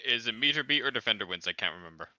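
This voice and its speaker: Man, tabletop player, playful complaints, sharp bright tone, animated pitch. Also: racing, dry recording, muffled recording. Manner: jokey, mock-whining, teasing the DM. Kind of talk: tabletop game banter.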